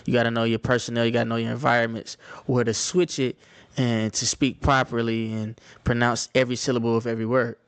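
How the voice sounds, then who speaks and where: Young man, Atlanta accent, easygoing vlog storyteller, middle pitch, dry close mic. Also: flat delivery, fast, smooth, dry recording. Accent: Atlanta Southern US. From Atlanta, Georgia, US. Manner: conversational, repeats phrases, loose slang. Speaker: vlogger. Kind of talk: casual storytelling to camera.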